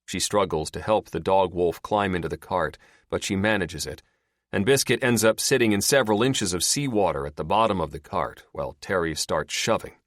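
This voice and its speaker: A man reads fiction aloud in a low voice. His pitch moves a lot as he tells the story, and the recording is dry and close. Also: brisk, dry recording. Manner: expressive storytelling. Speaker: audiobook narrator. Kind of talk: scripted narration.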